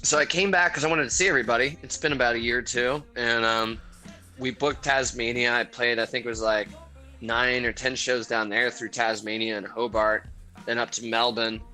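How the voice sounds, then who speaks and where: American man, guest musician, bright forceful voice, easygoing storyteller, laughs a lot, faint music behind. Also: medium pitch, normal speed, low-quality recording. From South Florida, USA. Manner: relaxed, laughs often, chatty storytelling. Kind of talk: casual interview chat over beers.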